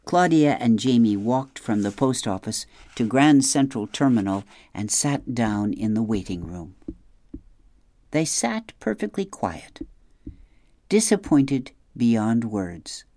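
A woman narrating a children's novel in a measured, gentle storytelling manner. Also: extremely low pitch, animated, dry recording. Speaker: audiobook narrator. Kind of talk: scripted narration.

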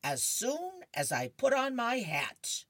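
A woman's voice: fairly high pitch, huge pitch swings, slow, fairly bright tone, no echo, studio quality, pitched above the performer's own voice, heavily acted. A woman voicing a cheerful beagle dog in a comic strip, reading his lines aloud in a chirpy way. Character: cheerful beagle dog getting ready to fish.

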